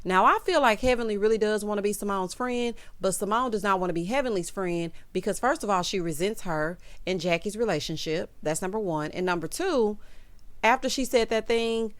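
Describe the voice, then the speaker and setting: A woman's voice: medium pitch, fairly quick, no echo. A woman hosting a casual reality-TV recap, sassy and gossipy, laughing often as she talks.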